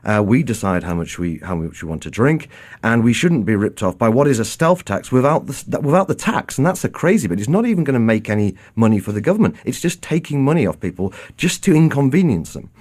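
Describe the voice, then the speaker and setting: A man's voice: medium pitch, sing-song, fast, a little mellow. A man arguing as a think-tank guest in a radio debate, combative and scornful.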